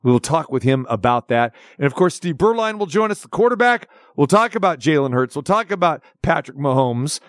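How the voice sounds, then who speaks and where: A man's voice: fairly high pitch, dry recording, studio quality. A man hosting a sports radio show, talking in a casual, jokey, rambling way. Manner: jokey, rambling, switches dialects playfully.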